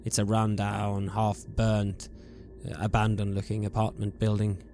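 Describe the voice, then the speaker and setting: A man running a tabletop horror game as game master, narrating scenes in a slow, hushed way with small hesitations. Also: on the low side, completely flat delivery, soft background music.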